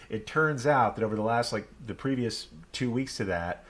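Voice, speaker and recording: A man's voice: mid-range voice, a little fast. A man from Texas with a Texan accent, a rabbi chatting casually and rambling on a live stream. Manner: rambling, chatty, self-deprecating.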